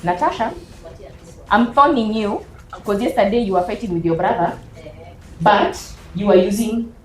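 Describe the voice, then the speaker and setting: A Kenyan woman in her thirties addresses parents at an event with lively energy. She slips into children's voices to make her points. Her voice rings out in a roomy hall. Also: mid-range voice, moderate pace. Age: 30s. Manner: animated, acts out children's voices, mixes English and Swahili. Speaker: parenting panel speaker. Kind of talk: lively workshop talk to an audience.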